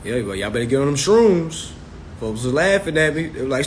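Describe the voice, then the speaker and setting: A man's voice: mid-range voice, very animated, a little fast, a little hiss or hum. Man chatting loosely on a livestream. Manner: loose, swearing, talks straight to viewers. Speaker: livestream host. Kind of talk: casual livestream talk. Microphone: phone.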